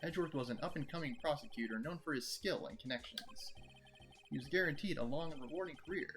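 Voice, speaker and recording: A man's voice: on the high side, fast talker, soft background music, natural voice. A man voicing a formal male TV news anchor while reading a video game aloud. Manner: formal broadcast delivery.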